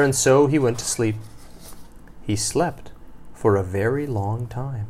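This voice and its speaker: A woman with a very deep voice reads a picture book aloud to a child. Her pace is slow and unhurried, and her storytelling is patient and gently expressive. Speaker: parent reading to a child.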